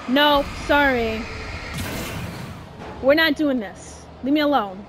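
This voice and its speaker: A woman's voice: high-pitched, slow pace, long pauses. A woman hosting her gaming channel, chatting casually and exasperated through a let's-play, often exclaiming at the game. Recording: steady noise with game sounds behind.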